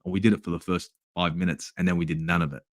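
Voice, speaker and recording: With a flat delivery and rapid-fire speech, an Australian man rants as a fan channel host, cursing freely and shifting between bellows and low mutters. He reviews a match and replies to live chat, and the studio-quality recording has no echo.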